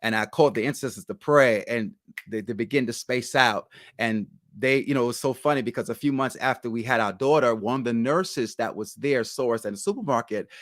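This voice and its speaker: Man, pastor, faith testimony, halting and earnest, lots of ums, dry close sound. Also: mid-range voice, a bit bright, no room sound. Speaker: pastor, guest.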